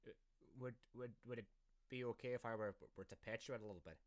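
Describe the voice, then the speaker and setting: A man's voice: mid-range voice, fairly even intonation, quick pace. A man playing a tabletop role-playing game, playful and giggly as he speaks in character. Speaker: player.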